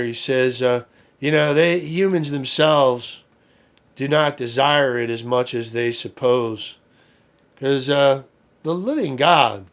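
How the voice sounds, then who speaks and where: A priest giving an informal spoken lesson, explaining with fillers and asides and rising to emphatic peaks. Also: male voice, mid-range voice. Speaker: priest teaching a study session.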